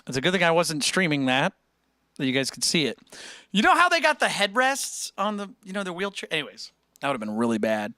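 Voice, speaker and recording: Animated young man chatting on a livestream. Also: on the high side, dry recording, clean studio sound. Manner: rambling, joking, quick to laugh. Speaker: music livestream host. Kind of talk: casual chat with live chat.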